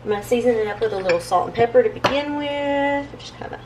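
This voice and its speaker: Against background noise, a woman with a fairly high voice chats quickly while cooking supper at home. She's a relaxed, chatty cooking vlogger who frequently says "y'all."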